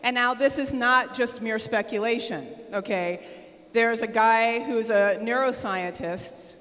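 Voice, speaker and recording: Lively American woman keynote speaker. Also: on the high side, measured pace. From United States. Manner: energetic, talks with the audience, asks them to shout out; loud and excitable, close to shouting. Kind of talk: conference keynote talk. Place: large conference hall with a live audience. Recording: live hall with long reverb.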